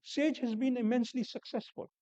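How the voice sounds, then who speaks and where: A man giving a formal conference keynote in a measured, deliberate way, repeating key words for emphasis and dropping the odd dry aside. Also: very high voice, steady tone, dark tone, no room sound, dull audio. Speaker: keynote speaker. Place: conference hall.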